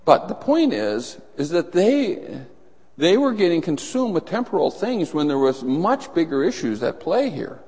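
Speaking a little slowly in a slightly high voice with a breathy edge, this middle-aged pastor tells stories through his sermon. He's animated, performing the voices in each anecdote, and a large hall gives everything a long reverb.

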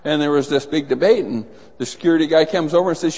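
Middle-aged pastor guy preaching, kinda high voice, lots of reverb. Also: brisk. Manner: animated storytelling, acts out voices in anecdotes. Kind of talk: sermon. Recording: long reverb in a large hall.

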